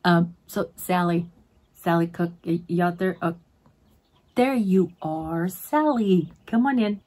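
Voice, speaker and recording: A middle-aged woman with a husky, fairly low voice talks casually to her viewers. She gushes over makeup palettes as she unboxes them in her home beauty room, chatting as if to friends. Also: slow pace, a little mellow. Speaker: beauty vlogger.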